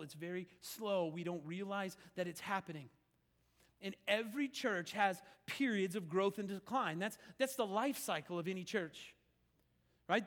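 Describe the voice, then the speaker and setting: A male pastor preaching in a conversational way, swinging from loud emphasis to hushed lines in a church sanctuary. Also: high voice, in a large hall. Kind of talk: sermon.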